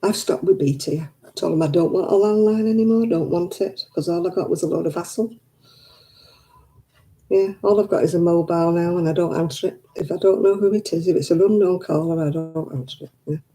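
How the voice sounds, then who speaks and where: A woman's voice: lowish voice, brisk, dark tone, poor audio. An older woman, chatting casually with live viewers and grumbling in an exasperated way. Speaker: live streamer.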